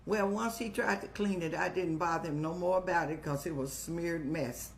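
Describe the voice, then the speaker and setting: A woman's voice: fairly low pitch, moderate pace, a little hiss or hum. An older woman hosting an advice show, talking in a folksy, motherly, preaching way. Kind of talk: casual advice talk.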